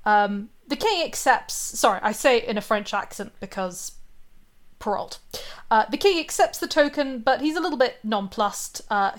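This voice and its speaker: A woman retelling a fairy tale in casual chat, with lots of fillers, asides and giggles. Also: on the high side.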